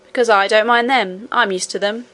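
A woman's voice: mid-range voice, steady tone, normal speed, a bit bright, lightly acted. A woman voicing a brave, cheerful twelve-year-old miner boy who speaks confidently and matter-of-factly in an audiobook. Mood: assured. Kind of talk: audiobook character reading.

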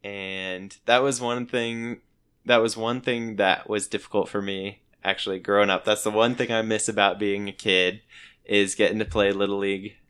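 Brief: young man, low and smooth, chatty storyteller who laughs mid-story. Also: normal speed. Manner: animated, laughs while telling stories. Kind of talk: casual storytelling.

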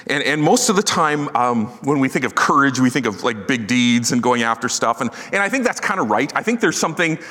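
Middle-aged male pastor, chatty self-mocking sermon, bright tone, big reverberant hall. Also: medium pitch, animated, a little fast, few pauses. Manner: conversational and self-deprecating, joking asides. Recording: long reverb of a large hall.

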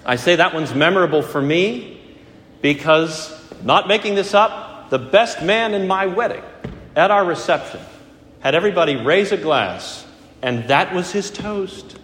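A middle-aged man preaching a sermon in a church, conversational and gently humorous. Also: high-pitched, lively intonation, a little slow, slight background noise. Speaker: pastor. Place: church sanctuary. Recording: echoey church hall.

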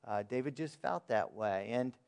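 A man's voice: mid-range voice, animated, normal speed, vocal fry, darkish tone. A man preaching a sermon in a plain, conversational way, asking his listeners questions and reading verses aloud. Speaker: pastor.

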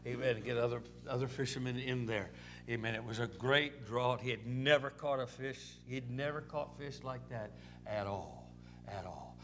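A man's voice: medium pitch, moderate pace, fairly bright tone, a little hiss or hum. A male pastor preaching a sermon in a folksy, repetitive storytelling way, dropping in "amen"s.

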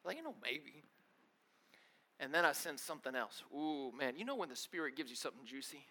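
A young man preaching a sermon as a story, acting out the dialogue in an animated way. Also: medium pitch, fast talker. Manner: animated, acts out dialogue, laughs often.

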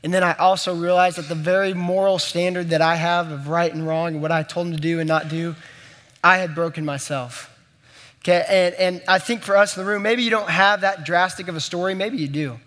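A man's voice: sits high, fairly even intonation, brisk, a bit bright. A young man preaching, telling a personal story in a conversational, earnest way and speaking straight to the room. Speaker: pastor. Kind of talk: sermon storytelling. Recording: long hall reverb.

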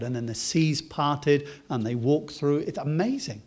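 A British man delivers a sermon in a slightly higher-pitched voice. He swings between loud, emphatic lines and soft, slow, drawn-out words. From Britain. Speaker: preacher.

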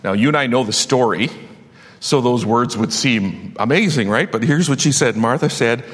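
A man's voice: medium pitch, lively intonation, moderate pace, fairly bright tone, husky, in a large hall. A man preaching a sermon as pastor, passionate and building to emphatic declarations.

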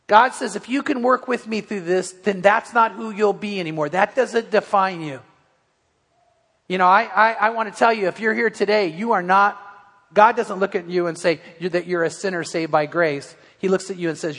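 A man preaching a sermon as pastor, earnest, stumbling over repeated words and dropping soft when he tells a story. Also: high voice. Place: church sanctuary. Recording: long hall reverb.

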